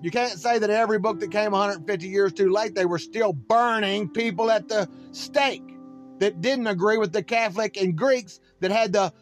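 High-voiced man ranting a sermon. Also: moderate pace, soft background music. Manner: confrontational, rambling, preachy. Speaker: self-styled preacher.

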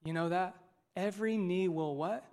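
A man preaching a sermon as lead pastor, swinging from loud emphasis to near whispers and calling on the congregation to answer back. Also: high voice, moderate pace. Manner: asks congregation to call back responses.

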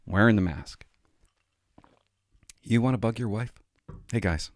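A man's voice: lowish voice, a little slow, dry recording. A middle-aged man telling a rambling, self-mocking comic story to his vlog audience. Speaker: vlogger.

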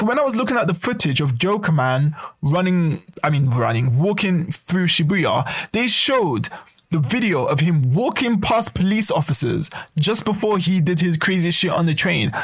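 A man with a gravelly, creaky voice sits a little higher than most men. He talks in a loose, casual rant, swears freely, and acts out what other people might say. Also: moderate pace. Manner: ranting, swearing, animated, acts out quoted voices. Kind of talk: casual monologue to camera.

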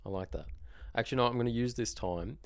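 A man's voice: mid-range voice, quick pace, gravelly, no echo, studio quality. A young man with an Australian accent, co-hosting a casual chat, rambling and laughing at his own stories. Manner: laughs often, rambling and self-mocking. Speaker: podcast co-host.

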